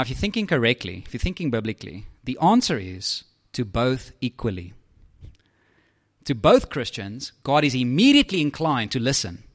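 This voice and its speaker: A man preaching a sermon in a lively, conversational way, with asides to his listeners. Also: mid-range voice.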